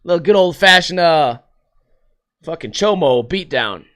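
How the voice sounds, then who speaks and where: A man's voice: a little high, animated, unhurried, fairly bright tone. A man hosting a casual solo podcast, rambling and swearing a lot and laughing often. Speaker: podcast host.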